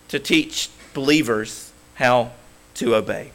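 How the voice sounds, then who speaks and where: A man preaching a sermon as pastor, emphatic and swinging from loud declarations to hushed tones. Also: medium pitch, a little slow.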